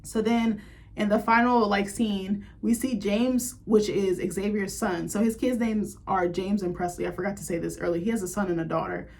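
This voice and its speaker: A woman recapping a TV episode in a loose, chatty way, swearing freely and leaning on "like" as she goes. Her pitch sits in an ordinary middle range. She talks straight to her viewers as if chatting with friends. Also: steady tone, moderate pace, gravelly, darkish tone. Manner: chatty, profane, heavy use of "like". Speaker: show reviewer.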